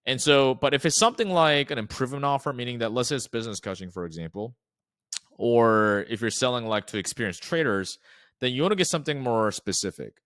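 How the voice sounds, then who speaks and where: A man's voice: medium pitch, fairly bright tone. A man talks through a phone sales script in a loose, chatty teaching voice, slipping in plenty of "like" and "right". He acts out the sample lines as he goes. The sound is dry and close, with no room echo. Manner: filler-heavy, says like and right often. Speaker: sales trainer. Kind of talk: casual instructional walkthrough.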